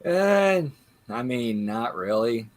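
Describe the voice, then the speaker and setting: A man co-hosting a casual podcast, speaking in a laid-back way and trailing off quietly. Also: medium pitch, very animated, takes it slowly. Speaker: podcast co-host.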